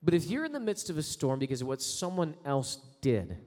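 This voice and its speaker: High-voiced preacher in a reverberant hall. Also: male voice, very animated. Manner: builds to loud, slow, rising prayer passages. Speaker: pastor. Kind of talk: sermon. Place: church sanctuary.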